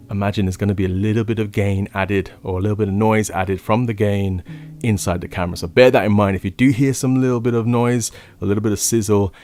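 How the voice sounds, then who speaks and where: His voice sits on the low side with a darkish tone as this young man casually reviews microphones from a home recording setup. He chatters enthusiastically and rambles, close to a large condenser studio mic.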